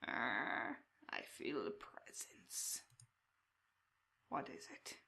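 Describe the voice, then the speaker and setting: Woman doing a bird-headed chained creature, whispered role-play, raspy slow hiss, sinister musing, eerie. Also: on the low side, very animated, heavily acted. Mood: creepy whisper. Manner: hushed, drawn-out, sinister musing.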